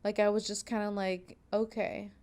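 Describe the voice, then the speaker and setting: A woman's voice: mid-range voice, little pitch movement, normal speed, a little mellow, smooth. A young woman hosting a podcast from a sewing studio, telling a story in a casual, profane way and acting out what people said. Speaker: podcast host, seamstress.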